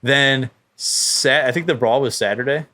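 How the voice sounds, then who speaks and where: A man on a sports podcast, retelling a baseball brawl in a heated, rapid, swearing manner. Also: mid-range voice, bright, forceful tone. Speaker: podcast co-host. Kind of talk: casual sports chat.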